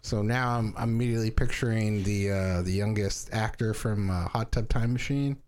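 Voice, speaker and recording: A man's voice: fairly low pitch, moderate pace, a little mellow, smooth. A man co-hosting a podcast in casual chat, joking and prompting the others with questions. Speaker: podcast co-host.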